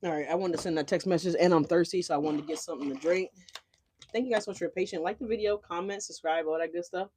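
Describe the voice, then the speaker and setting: A woman's voice: lowish voice, steady tone, fast, a little mellow, a little hiss or hum. A woman giving a casual tarot reading, chatty and profane, tossing in "right?" asides. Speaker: tarot reader.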